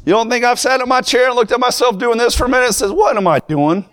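A man preaching a sermon, fervent and rising to shouts. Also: extremely high pitch, animated, fast talker.

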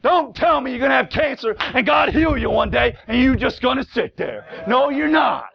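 A male preacher with a high, gravelly voice delivers a fervent sermon, dropping to quiet asides and then building to shouted exhortations. His speech is folksy and plain. The recording from the church sanctuary sounds dull and lo-fi. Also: expressive, moderate pace. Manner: folksy plain-spoken grammar. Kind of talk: fiery Pentecostal sermon.

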